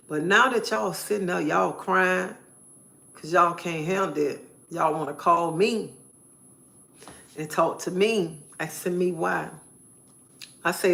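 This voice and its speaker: Gravelly-voiced woman telling an emphatic testimony. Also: fairly low pitch, a little slow, pauses often, a bit bright. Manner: emphatic, repeats phrases, preacherly. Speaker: live streamer. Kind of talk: personal testimony monologue.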